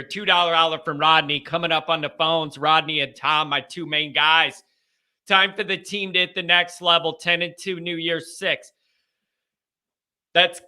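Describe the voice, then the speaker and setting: A man's voice: high-pitched, pushed and bright. A young adult man hosting a live-streamed fan show, ranting heatedly and sounding exasperated, with stuffy sinuses.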